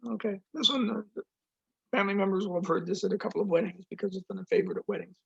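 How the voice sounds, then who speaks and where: Husky older man reading poetry. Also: sits high, steady tone. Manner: slow, deliberate recitation. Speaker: poet reading his work. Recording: dull lo-fi video call audio.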